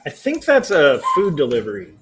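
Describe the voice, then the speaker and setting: A man's voice: on the high side, wildly swooping pitch, normal speed, heavy background noise. A man talking casually to his viewers while he works on comics, wry and self-mocking, with offhand jokes. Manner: wry, self-mocking, drifting into jokey quoted voices. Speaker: livestreaming comic artist.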